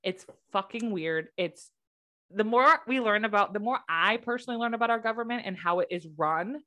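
Young woman, bright crisp voice, casual podcast chat, lively storytelling. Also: medium pitch, moderate pace. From United States. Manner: animated storytelling, acts out quotes. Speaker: podcast co-host.

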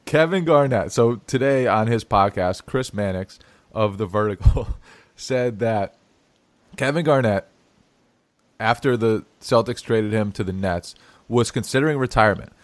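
A man's voice: on the low side, measured pace, dry recording. A man hosting a casual sports podcast, laughing often and restarting his sentences. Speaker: podcast host.

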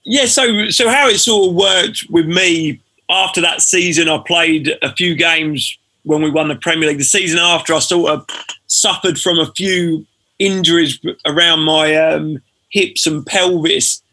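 A man, a former footballer telling stories as a podcast guest in a relaxed way. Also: a little high, a little slow. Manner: relaxed storytelling, frequent fillers. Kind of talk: casual podcast interview.

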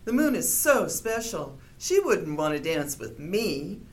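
A woman's voice: fairly low pitch, unhurried. Woman voicing an eager, wistful young bear. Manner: eager, excitable calls.

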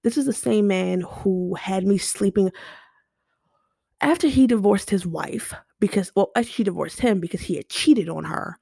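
A woman's voice: medium pitch, normal speed, creaky, mellow, husky, dry recording, studio quality. A young woman hosting a podcast, talking unscripted and bluntly about her past, swearing often. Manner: blunt and emotional, frequent swearing. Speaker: podcast host. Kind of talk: unscripted personal monologue. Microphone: home podcast mic.

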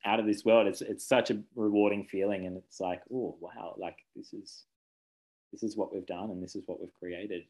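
A man's voice: lowish voice, fairly even intonation, moderate pace, a little mellow, rough recording. A man, a children's book author chatting casually in an interview, rambling and self-correcting, laughing easily.

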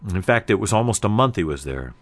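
A man's voice: fairly low pitch, lively intonation, fast, dry recording. A man telling a long joke in a conversational, rambling way, full of fillers. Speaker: storyteller. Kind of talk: casual spoken joke-telling.

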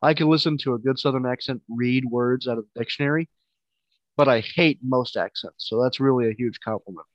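A man's voice: mid-range voice, brisk, dry recording, dull audio. A man hosting a podcast in casual chat, teasing his guest with wry humor. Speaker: podcast host.

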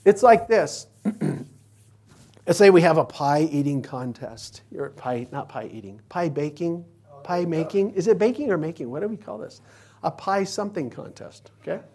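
A man's voice: fairly high pitch, darkish tone. A man preaching a conversational sermon as pastor, teaching from scripture and playfully acting out everyday examples. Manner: casual, illustrates with playful acted-out examples.

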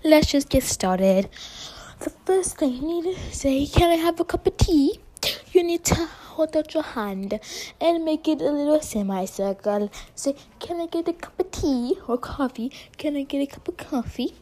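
A woman putting on a showy fake-British accent as a female tea host, playful and with whispered, drawn-out words. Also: high voice, animated, warm tone. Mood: mock posh. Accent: put-on British.

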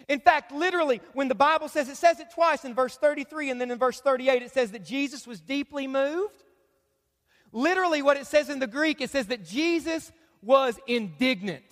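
A man preaching a sermon with a strikingly high voice, hammering his points through repetition and rising to shouts. The sound rings with the long reverb of a large church hall. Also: moderate pace. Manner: emphatic preaching, repeats phrases, rises to shouts. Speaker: pastor.

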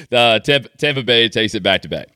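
A man's voice: mid-range voice, pushed and bright, smooth, dry recording, clean studio sound. A man co-hosting a sports podcast, talking in an enthusiastic, chatty and self-deprecating way. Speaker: podcast co-host. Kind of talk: casual sports chat.

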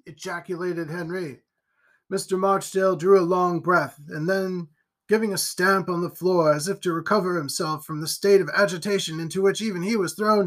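A man narrating a gothic novel as an audiobook in an expressive, theatrical reading. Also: sits high, normal speed.

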